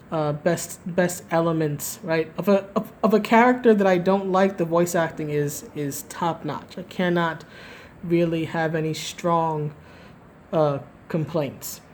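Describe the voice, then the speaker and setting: A woman with a somewhat low voice talks through her opinions in a loose, rambling way. She often restarts her phrases and checks in with a quick "right?". A faint hum of background noise sits behind her home recording. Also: darkish tone. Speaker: gaming video commentator. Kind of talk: casual opinion commentary.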